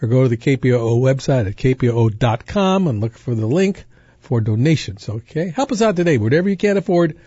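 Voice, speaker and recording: A man's voice: medium pitch, warm tone, slightly rough, dry recording, dull audio. A man working as a radio DJ, making a casual fundraising appeal on air, who repeats details and drifts into tangents. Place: radio studio.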